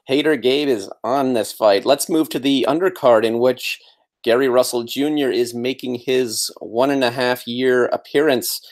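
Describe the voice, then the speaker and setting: A man hosting a casual podcast, moving the conversation along. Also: mid-range voice. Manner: moderating, casual, quick. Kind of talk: casual boxing chat.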